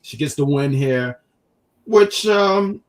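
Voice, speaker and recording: A man co-hosting a casual wrestling review stream, talking in quick restarts and reading chat comments aloud. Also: fairly high pitch, lively intonation. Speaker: wrestling review show co-host.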